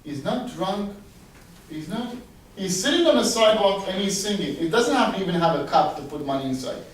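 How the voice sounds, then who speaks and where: A man, a rabbi, telling a parable as a sermon in a lively, conversational way with casual asides, heard from a distant mic in a very echoey hall. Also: high voice, moderate pace. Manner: animated, conversational storytelling with asides. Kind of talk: storytelling sermon.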